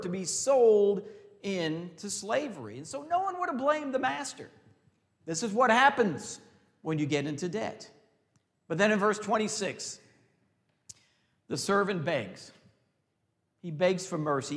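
A man preaching a sermon. He swings between loud emphasis and hushed, drawn-out phrases, and leads the congregation in call-and-response. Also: on the high side, in a large hall. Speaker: pastor.

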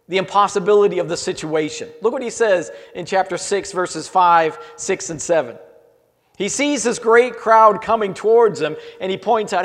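High-voiced preacher in a reverberant hall. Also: male voice. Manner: earnest, with phrases that trail off softly at the ends. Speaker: pastor. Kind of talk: sermon.

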